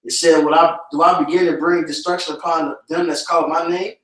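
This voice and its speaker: A man's voice: fairly high pitch, level tone, a little fast. A man preaching scripture, tagging his lines with "man" in a casual style. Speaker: street preacher. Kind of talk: street preaching. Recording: echoey and distant from the mic.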